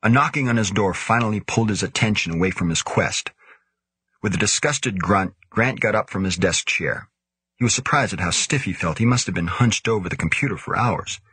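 Man narrating a sci-fi audiobook, deep husky voice, dry close sound. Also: expressive, brisk, pushed and bright, no echo. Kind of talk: scripted narration.

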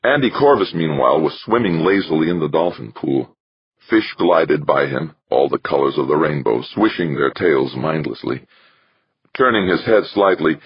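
A man narrating an audiobook in an extremely deep, gravelly voice with a husky edge. His delivery is steady and measured. The recording is dry and a bit muffled. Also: no room sound. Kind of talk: scripted narration.

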